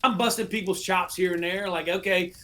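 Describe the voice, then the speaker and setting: Animated American veteran spinning a profane yarn. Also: male voice, high voice, a little fast. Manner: animated, profane storyteller, acts out his old orders. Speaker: podcast guest, army veteran. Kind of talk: casual storytelling.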